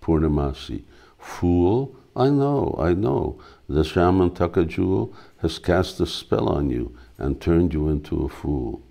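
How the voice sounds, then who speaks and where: A man's voice: deep voice, sing-song, measured pace, vocal fry, mellow, full character voice. A man reading the lines of a stern, motherly elderly noble lady in a play, scolding and emphatic.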